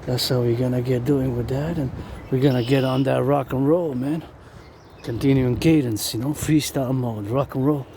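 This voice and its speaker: A man's voice: mid-range voice, steady tone, normal speed, dark tone, slight background noise. A man who chants sing-song marching cadences outdoors by a river and then rambles loosely between chants. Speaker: vlogger.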